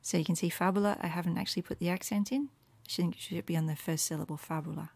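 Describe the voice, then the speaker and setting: A woman giving a casual, rambling screen walkthrough of her Latin study resources, with many fillers and soft murmured asides. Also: on the low side, fairly even intonation, fast, breathy edge, no room sound. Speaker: Latin teacher making resources.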